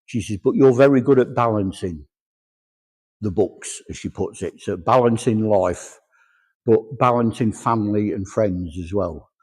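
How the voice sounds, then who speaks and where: A man's voice: on the low side, unhurried, a little mellow, husky. A man, working as a medium at a church service, relaying spirit messages with chatty humor and quoted voices.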